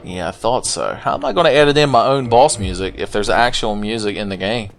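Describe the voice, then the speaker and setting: A man's voice: on the low side, a little fast, faint music behind. A man giving crude, joking let's-play commentary while gaming, slipping into silly voices for game characters. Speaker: gameplay commentator.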